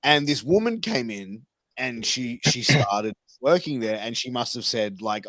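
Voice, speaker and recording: A man's voice: medium pitch, animated, a little slow, a bit bright, dry recording. A man, hosting a podcast and telling a long, sweary, rambling story. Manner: swearing, rambling anecdotes with acted quotes. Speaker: podcast host. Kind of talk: casual storytelling.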